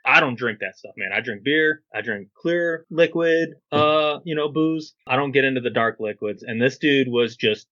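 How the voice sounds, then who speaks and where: A man's voice: medium pitch, moderate pace, hardly any pauses, pushed and bright, dull audio. Laid-back slangy man telling stories. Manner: laid-back, swears, slangy, acts out quotes. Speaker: guest, clothing brand owner. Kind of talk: casual storytelling interview.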